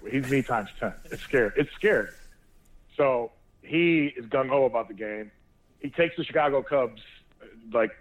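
A man co-hosting a talk show, telling a family story in an animated way and laughing as he goes. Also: mid-range voice. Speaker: co-host of a sports talk show. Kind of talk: casual storytelling chat. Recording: tinny phone line.

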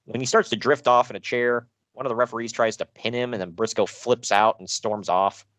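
A man co-hosting a casual podcast chat, recapping wrestling shows in an animated, joking way with frequent laughs. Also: brisk, no echo. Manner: animated, laughing, swearing, jumps in pitch.

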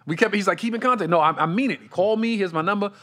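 Male comic guest, high voice, lively storyteller acting out quotes. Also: fast talker. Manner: animated, acts out quotes with big pitch jumps. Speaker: comedian guest. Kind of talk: casual storytelling chat.

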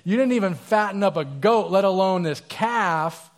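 A man's voice: on the high side, animated, a little slow. A man voicing a resentful dutiful older brother who complains in an indignant, self-righteous way.

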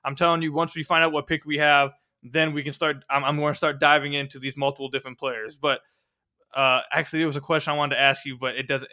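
A man hosting a casual sports podcast, talking fast and energetically and sometimes tripping over his words. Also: a little high, level tone, pushed and bright. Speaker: podcast host. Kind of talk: casual sports podcast chat and host-read ads.

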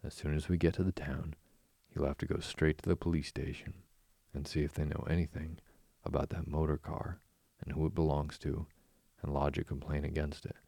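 A man's voice: rumbling low, vocal fry, no echo, heavily acted. A man voicing a sensible, exasperated male water rat who speaks firmly and sharply. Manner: firm and sharp.

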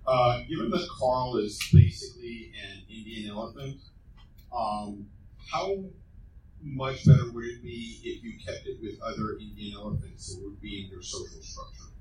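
A man's voice: fairly low pitch, animated, moderate pace, warm tone, slight background noise. A man in the audience asking the panel a question, a little hesitant. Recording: distant, echoey room.

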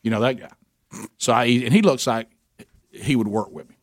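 A middle-aged man co-hosting a radio show tells a long story in casual chat, animatedly acting out the voices of its characters. His voice is mid-range at a normal speed, with clean studio sound and no echo.

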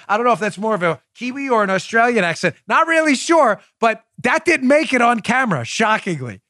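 A man hosting his own show, talking in a combative, emphatic opinion monologue and slowing down hard on his punchlines. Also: high voice, sing-song, sharp tone, no room sound, clean studio sound. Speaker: podcast host.

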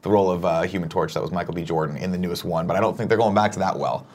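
A man's voice: deep voice, racing, a little mellow, a little hiss or hum. A man hosting a morning show, chatting casually and animatedly, swearing freely. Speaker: show host. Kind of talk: casual chat.

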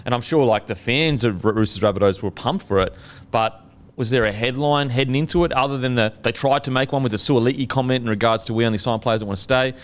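A man's voice: medium pitch, fast talker. Laid-back Australian man, sports chat. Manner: laid-back, laughs easily, pedantic. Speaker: podcast guest.

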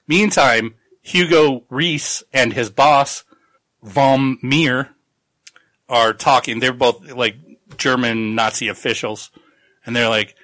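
A man's voice: mid-range voice, slow, sharp tone, low-quality recording. A man on a podcast casually recapping a novel's plot, rambling and swearing as he acts out the characters. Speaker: podcast co-host.

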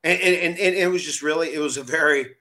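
A man who hosts a podcast, telling a story in a casual, animated way, acting out what other people said and often restarting his sentences. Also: on the high side, fast talker. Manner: animated, acts out quoted voices, frequent restarts. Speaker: podcast host, former wrestler.

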